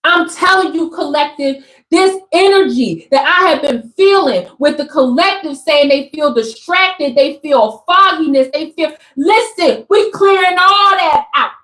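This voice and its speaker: High-voiced, emphatic woman preaching. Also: measured pace, a bit bright. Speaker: spiritual content creator. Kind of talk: casual spiritual pep talk to viewers. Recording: echoey room.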